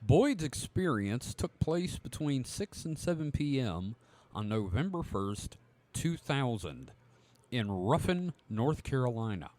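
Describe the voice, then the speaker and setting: A man co-hosting a podcast talks slowly but very animatedly, his mid-range voice darkish and free of room sound. Coughing at times, he chats, reads news articles aloud and curses freely, rambling and self-mocking.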